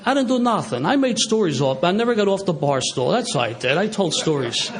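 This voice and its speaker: Philly-accented man at a podium, mid-pitched to high, animated storyteller with laughter in his voice. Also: fairly quick, few pauses. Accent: Philadelphia. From Philadelphia. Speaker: AA speaker. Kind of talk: recovery meeting talk. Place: meeting hall with a live audience.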